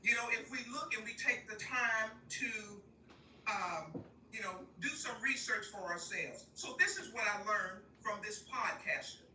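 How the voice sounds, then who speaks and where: An older woman talks on a livestream, lively and folksy, laughing often and calling her listeners "y'all." Her voice is very bright. She is recorded outdoors in a park on a phone held some way off, so the sound is roomy, with faint ambience behind her. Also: on the high side, unhurried, recorded from a distance, slight background noise. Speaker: guest speaker. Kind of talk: casual livestream talk. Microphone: phone held while walking.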